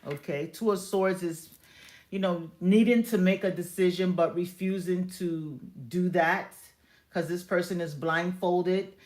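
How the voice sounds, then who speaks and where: A woman giving a live-stream tarot reading, explaining cards in an unhurried, reassuring way with many fillers. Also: fairly low pitch, fairly even intonation, a little mellow. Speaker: tarot reader.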